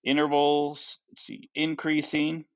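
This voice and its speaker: A man's voice: a little high, monotone, slow pace. Guy teaching math in a classroom, keeps going "right? okay?", kinda muffled lo-fi recording. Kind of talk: classroom lecture.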